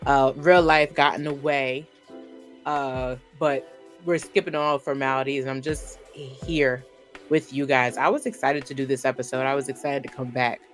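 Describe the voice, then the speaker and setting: A woman hosting a podcast, talking in a casual, animated, rambling way with lots of fillers. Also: extremely low pitch, moderate pace, faint music behind. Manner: animated, rambling, says "like" often. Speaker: podcast host.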